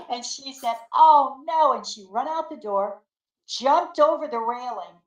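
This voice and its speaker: An older woman, a great-grandmother, telling lively stories in a casual interview, acting out the quotes and laughing often. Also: on the high side, normal speed, echoey room, rough recording. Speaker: guest.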